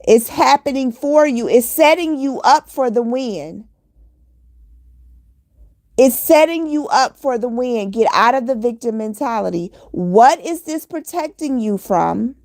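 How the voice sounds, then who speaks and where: Earnest higher-voiced woman preaching motivation. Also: animated, a little slow, darkish tone, no room sound, studio quality. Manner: earnest, repetitive, preachy exhortation. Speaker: motivational vlogger. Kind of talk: motivational monologue.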